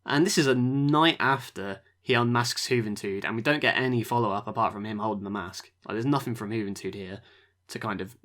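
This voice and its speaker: A man's voice: fairly low pitch, a little fast, a bit bright. A man hosting a podcast, reviewing matches in a rambling casual chat that often trails off. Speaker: podcast host.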